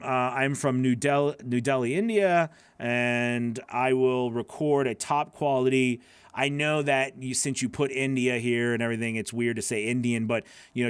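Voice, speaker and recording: A man's voice: medium pitch, dry recording. A man coaching voice-over artists, reviewing their work live in a chatty, encouraging way with lots of fillers.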